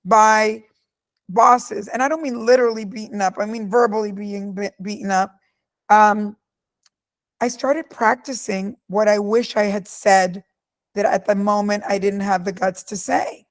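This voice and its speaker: A middle-aged woman in an interview, telling stories about her life with emphatic, forceful delivery. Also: mid-range voice, fairly even intonation, unhurried. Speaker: guest speaker. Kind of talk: candid interview answers.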